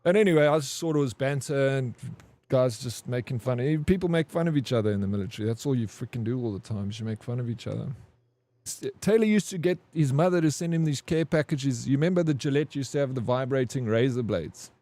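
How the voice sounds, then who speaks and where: A man's voice: mid-range voice, fast talker, warm tone, no echo. A man streaming a game, telling a long, rambling anecdote with plenty of swearing and "bro". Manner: rambling, profane, says "bro" a lot. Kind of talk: casual storytelling over gameplay.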